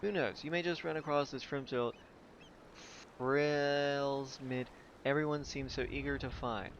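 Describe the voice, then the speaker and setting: A man voicing a brusque, busy harbor official in a gruff, impatient reading voice. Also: medium pitch, steady tone, unhurried, lo-fi sound, a little hiss or hum, lightly acted.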